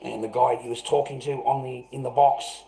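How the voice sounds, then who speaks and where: A man's voice: mid-range voice, steady tone, fairly quick, creaky, mellow, faint music behind. A middle-aged man, ranting aggressively and swearing repeatedly on a live stream. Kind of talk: confrontational live stream rant.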